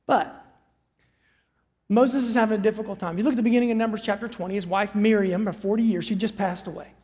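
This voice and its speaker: A pastor preaching in a relaxed, conversational way, telling stories and checking in with the listeners as they go. The voice sits at a middle pitch, and a long reverb hangs on every phrase from the large hall. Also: quick pace. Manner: conversational, storytelling preaching with asides to the audience. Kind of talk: sermon.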